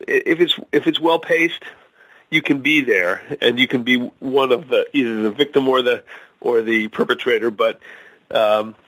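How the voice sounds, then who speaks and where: A man being interviewed as a guest author, talking casually with many pauses and restarts as he explains jokes. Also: mid-range voice, fairly bright tone, poor audio. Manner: hesitant, many fillers and restarts, tells jokes slowly.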